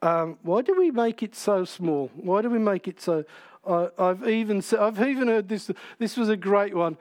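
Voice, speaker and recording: A man's voice: high voice, moderate pace. A man preaching a sermon in church, in a conversational way, asking the congregation questions.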